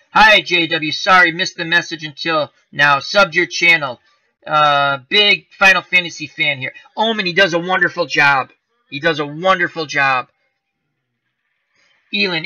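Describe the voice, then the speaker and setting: A man's voice: fairly high pitch, sharp tone, no room sound, low-quality recording. A man hosting a casual live-stream chat, reading comments aloud, rambling and chuckling through tangents.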